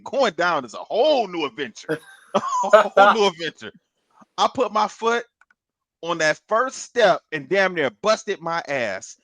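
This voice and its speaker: A man on a podcast telling a long story in a casual, animated way, swearing and laughing as he goes. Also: fairly high pitch, no room sound. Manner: animated, profane, laughs through his story. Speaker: podcast co-host.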